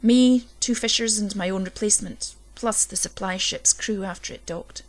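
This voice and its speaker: Woman reading a scary story, low and intense, gets loud when things go bad. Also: moderate pace. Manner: low, intense storytelling that swells at tense moments. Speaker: narrator. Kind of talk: scripted horror story reading.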